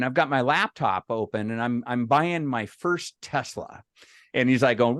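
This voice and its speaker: A man's voice: mid-range voice, lively intonation, normal speed, fairly bright tone, no echo, studio quality. Man telling stories to a meeting. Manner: storytelling with many restarts. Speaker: meeting presenter. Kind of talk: casual workshop talk.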